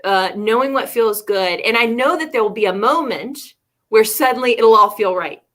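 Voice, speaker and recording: Bright reflective woman coach. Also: on the high side, expressive, moderate pace. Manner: reflective, laughs often, many restarts. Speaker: leadership coach and co-host. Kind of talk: candid casual conversation.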